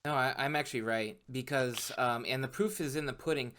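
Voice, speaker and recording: A man's voice: mid-range voice, fairly quick, a bit bright. A man co-hosting a talk show, teasing and playfully contradicting his partner in casual banter. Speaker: podcast co-host.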